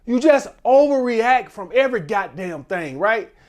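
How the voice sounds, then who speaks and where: A man's voice: very high voice, measured pace. A man hosting a dating advice channel, ranting bluntly and profanely in a casual monologue. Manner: blunt, profane, animated rant.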